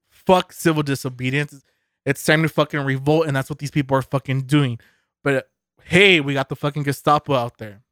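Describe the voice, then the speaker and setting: A man's voice: mid-range voice, a bit bright, no room sound, studio quality. A man co-hosting a podcast, venting with fury and sarcasm, swearing heavily. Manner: furious, sarcastic, heavy swearing. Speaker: podcast co-host. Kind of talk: casual podcast rant.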